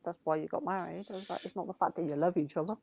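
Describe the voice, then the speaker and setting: A woman's voice: lowish voice, steady tone, racing, vocal fry, darkish tone, low-quality recording. A young woman in casual chat, telling rambling family stories full of swearing and "I'm like".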